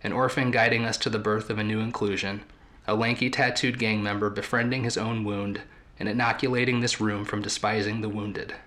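A podcast host reading a story aloud from a book in a measured, storytelling way. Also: male voice, fairly low pitch, level tone, a bit bright.

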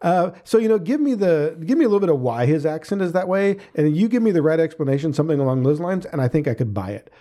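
A man's voice: fairly high pitch, sing-song, fast talker, hardly any pauses, warm tone. A middle-aged man co-hosting a casual movie review podcast, rambling and circling back with frequent restarts. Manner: rambling, restarts often, hedging. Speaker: podcast co-host.

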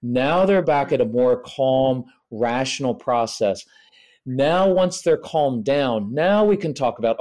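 A man's voice: mid-range voice, expressive, slow, a little mellow. A middle-aged man, a parenting expert guest on a podcast, explaining in a practical way and acting out examples in voices. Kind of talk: podcast interview.

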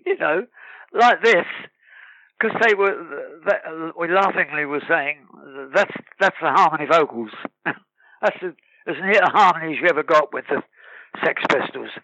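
A man telling anecdotes in casual talk, lively and animated, singing snatches of songs and laughing as he goes. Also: fairly high pitch, normal speed, no echo, lo-fi sound. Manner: lively storyteller, breaks into sung snatches and laughs. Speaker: guest musician.

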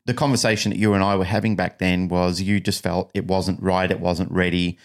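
Emphatic, lively man on a podcast. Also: sits low, fairly quick. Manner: animated, emphatic storytelling. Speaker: podcast co-host. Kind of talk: casual podcast chat.

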